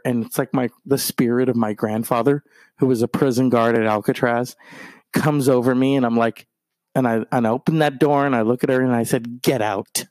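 This male podcast host's voice is medium in pitch and darkish, captured in a dry recording. He drifts casually from one anecdote to the next in a loose, storytelling monologue.

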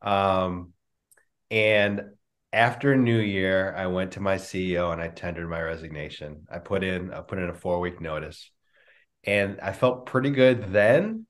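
A middle-aged man, a business coach, answering interview questions with lively storytelling and acted-out dialogue over a video call. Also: low voice, measured pace. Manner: animated storyteller, acts out quoted dialogue. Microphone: remote video call.

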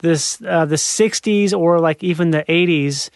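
A man chatting casually in an animated, rambling way, full of fillers and quick laughs. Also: on the high side, no room sound, clean studio sound. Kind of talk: casual chat.

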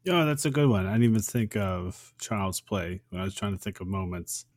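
A man's voice: low voice, animated, a little fast, darkish tone, dry recording, studio quality. A man co-hosting a casual podcast, summarizing a film in a friendly way. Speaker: podcast co-host.

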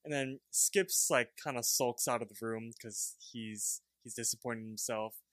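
Man, podcast co-host, casual recap, lively storytelling, mid-pitched voice, dry close sound. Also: a little slow, dry recording. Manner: retells scenes lively, slipping into character voices.

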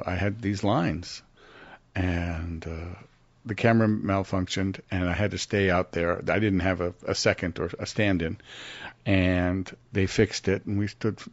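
An older man with a low voice tells anecdotes as a guest in a relaxed interview, and he jumps up in pitch whenever he acts out what someone said. The sound is dry and close, a little muffled in the top end. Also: no echo. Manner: animated, acts out quotes with big pitch jumps. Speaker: guest actor. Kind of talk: casual interview storytelling. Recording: dry, slightly muffled studio audio.

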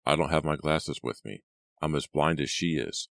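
A man's voice: rumbling low, moderate pace, vocal fry, a bit bright, dry recording, heavily acted. A man voicing a teenage boy who pleads insistently. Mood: pleading. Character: tense teenage boy, pushy.

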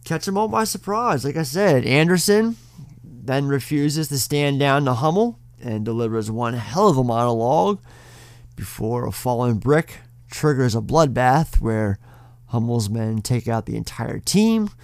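A man's voice: mid-range voice, animated, measured pace, darkish tone, no echo. A man co-hosting a podcast, casually retelling a film scene by scene with plenty of swearing. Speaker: podcast co-host. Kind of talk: casual film-review chat.

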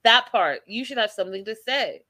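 A woman's voice: fairly high pitch, fairly quick, dry recording. A woman hosting a casual chat, animatedly recapping a reality show and acting out what people said. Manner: animated storyteller, acting out quotes with emphasis.

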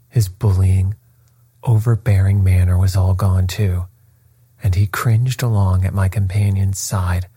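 A man reads a first-person story aloud in a slow, measured way. His voice is low, dark and a little husky. The recording is dry and close. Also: dry recording. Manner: measured, unhurried reading. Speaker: audiobook narrator.

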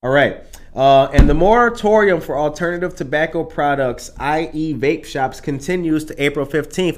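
A man's voice: a little high, normal speed. A man hosting a local daily news podcast in a folksy, chatty way, repeating himself for emphasis. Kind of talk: casual news chat.

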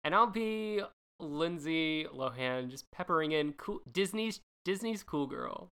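Woman podcast co-host, lively and bright, slightly low voice. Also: a little slow, clear, resonant tone. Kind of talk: casual chat.

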